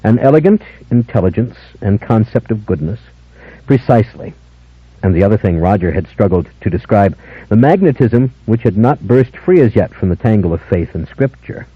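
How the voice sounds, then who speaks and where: A man narrating an unabridged audiobook in a measured, dramatic first-person style. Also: on the low side, animated, breathy edge, no echo. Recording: dull lo-fi older audiobook, dry.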